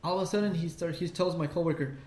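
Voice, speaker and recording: A man with a somewhat high voice tells stories on a casual podcast, cursing constantly and playing every part himself. His sound rings around an echoey room. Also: fast talker. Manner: profane, animated storyteller acting out quotes. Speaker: podcast co-host. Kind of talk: casual drunk podcast chat.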